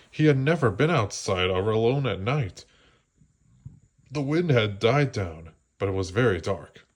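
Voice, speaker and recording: A man reading a children's storybook aloud, gently slowing down for the suspenseful parts. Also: on the low side. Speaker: storybook reader. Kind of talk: children's read-aloud narration.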